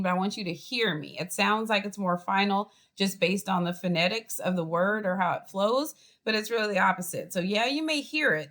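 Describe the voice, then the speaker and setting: A college professor with a Boston accent teaches a class over a video call. She explains things in a lively, chatty way and speaks at an ordinary pitch for a woman. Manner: lively, chatty teaching with acted example voices. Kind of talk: online class lecture.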